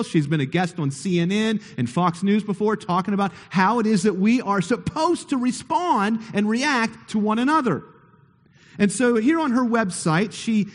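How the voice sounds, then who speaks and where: A man preaching a sermon to his congregation in a church, playful and conversational, often asking them questions. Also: high-pitched. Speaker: pastor. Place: church sanctuary. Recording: long hall reverb.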